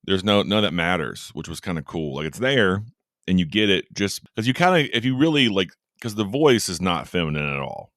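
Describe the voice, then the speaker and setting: A man with a very deep, bright, resonant voice co-hosts a casual book chat. He rambles enthusiastically and trails off mid-thought. The sound is close and dry. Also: lively intonation, fairly quick, no echo. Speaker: podcast co-host.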